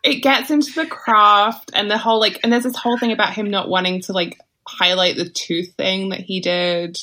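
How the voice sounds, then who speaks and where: Bright-voiced chatty woman. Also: medium pitch, steady tone, moderate pace. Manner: chatty, many "like" fillers, laughs often. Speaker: podcast co-host. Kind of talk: casual chat.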